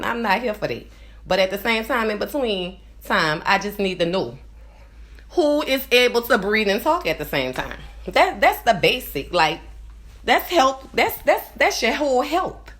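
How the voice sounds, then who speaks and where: A woman in her forties with a nasal New Orleans accent, rambling to her viewers in a casual monologue and often checking in with "you understand?". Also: medium pitch. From New Orleans, USA. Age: 40s. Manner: rambling, repeats "you understand?", swings between loud and quiet. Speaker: vlogger.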